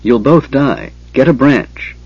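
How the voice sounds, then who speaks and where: A man's voice: medium pitch, slow pace, darkish tone, breathy edge, no echo, dull audio, pitched above the performer's own voice. A man reading aloud, voicing a stern, bitter tribal warrior who talks tersely and coldly. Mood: urgent. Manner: terse, cold.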